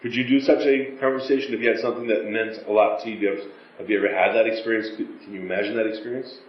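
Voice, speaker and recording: A man's voice: lowish voice, fairly even intonation, racing, a little hiss or hum. A middle-aged man teaching a class on prayer, speaking earnestly and acting out pleading prayers. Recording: roomy, dull lo-fi class recording.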